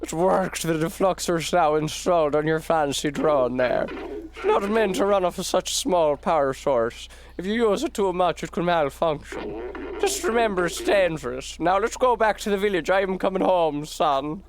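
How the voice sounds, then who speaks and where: Streamer doing an upbeat Irish-accented robot tinkerer, pitched up, game dialogue. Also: male voice, moderate pace. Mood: cautioning. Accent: put-on Irish. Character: helpful male robot inventor, upbeat.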